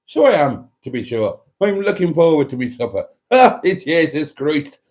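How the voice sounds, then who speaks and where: A man's voice: fairly high pitch, big pitch swings, moderate pace, darkish tone. A man putting on an exaggerated mock Irish accent as a jokey stage-Irish man looking forward to his supper. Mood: hammy. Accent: put-on Irish. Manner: hammy, sing-song.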